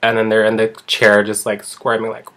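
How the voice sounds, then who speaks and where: Man vlogging about his salon work, loose rambling delivery with constant fillers, slightly low pitch. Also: completely flat delivery, a little fast, a bit bright. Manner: rambling, heavy use of "like". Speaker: eyebrow artist. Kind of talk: casual chat vlog.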